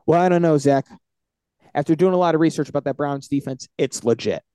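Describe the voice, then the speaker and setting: Animated man hyping football picks. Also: on the high side, a little fast, smooth, dry recording. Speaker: podcast co-host. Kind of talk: casual sports picks chat.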